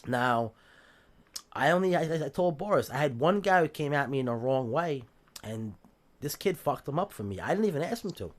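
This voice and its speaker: A man's voice: on the high side, lively intonation, normal speed. A man with a New York accent telling jail stories on a podcast in a casual, streetwise way, swearing freely and acting out the voices he quotes. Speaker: podcast guest. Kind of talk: casual storytelling.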